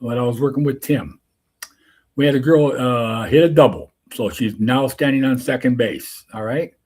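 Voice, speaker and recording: A man who works as a softball umpire, telling a rambling anecdote full of restarts and asides. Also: medium pitch, moderate pace. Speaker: softball umpire and show host. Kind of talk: casual storytelling.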